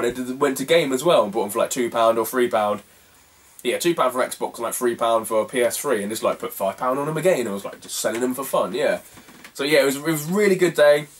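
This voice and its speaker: A young man tells a rambling, casual story, full of "like" and "um" and quick to laugh. His voice is mid-pitched and sits a little away from the microphone. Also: recorded from a distance. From England. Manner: rambling, laughs often, lots of fillers. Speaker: retro game collector vlogger. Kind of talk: casual chat.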